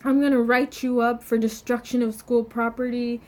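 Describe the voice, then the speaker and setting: A curt old male substitute teacher who snaps short threats, put on by a woman telling the story. The voice sits a bit high and barely shifts from her own. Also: flat delivery, moderate pace, darkish tone, natural voice. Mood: scolding. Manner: curt, scolding.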